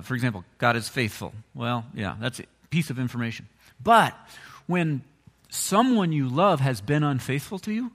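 Animated preaching man in a reverberant hall. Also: medium pitch. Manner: conversational preaching, animated swings with emphatic rises. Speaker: pastor. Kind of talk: sermon.

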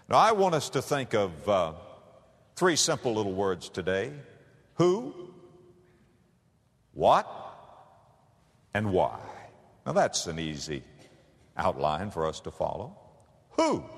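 An older male pastor preaching a sermon in a church, with dramatic, drawn-out emphasis. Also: mid-range voice, sing-song. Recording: long hall reverb.

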